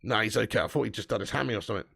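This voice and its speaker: A man's voice: on the low side, racing, gravelly, fairly bright tone, husky. A young man hosting a live football watch-along, commentating and ranting with lots of swearing. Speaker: fan watch-along host.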